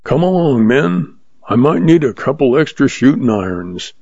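A man reading the part of a slow-witted, blustering small-town sheriff with a drawl, recorded dry and slightly muffled. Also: medium pitch, gravelly, warm tone, no echo. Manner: blustering, dim.

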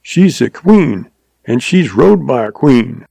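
A man's voice: mid-range voice, big pitch swings, slow, gravelly, mellow, breathy edge, no echo, full character voice. A man voicing a chuckling, folksy little old male stableman in a western audiobook, talking in a country drawl. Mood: chatty.

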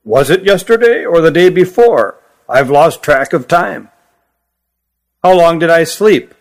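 A man's voice: a little high, lively intonation, unhurried. A man voicing a weary, fretful old male magician in a storybook, asking anxious questions.

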